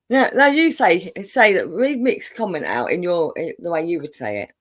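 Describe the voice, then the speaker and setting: Chatty London-accent woman host, laughs a lot, very lively pitch. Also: unhurried. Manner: chatty, laughs often, plays up a broad common accent. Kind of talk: casual chat, reading viewer comments.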